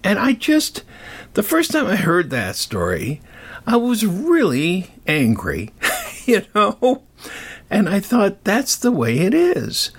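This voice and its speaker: A man's voice: sits high, takes it slowly, breathy edge. An older man telling a myth in a casual, rambling way, often wandering into asides. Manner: rambling, digressive, animated. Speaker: storyteller. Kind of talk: casual storytelling.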